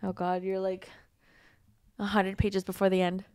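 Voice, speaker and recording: A woman's voice: medium pitch, monotone, normal speed, darkish tone, clean tone, dry recording, clean studio sound. A woman co-hosting a book podcast, mostly listening and adding short laid-back comments. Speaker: podcast co-host. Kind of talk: casual book chat.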